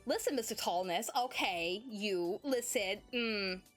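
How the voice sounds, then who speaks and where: A woman's voice: medium pitch, measured pace, faint music behind. A woman streamer in casual chat with her viewers, bubbly and giggly as she talks.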